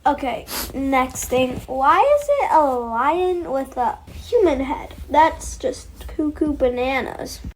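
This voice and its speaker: Slow-talking high-voiced silly host. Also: female voice, expressive, a little hiss or hum. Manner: silly, curious, asks goofy questions. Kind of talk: casual kids' question show.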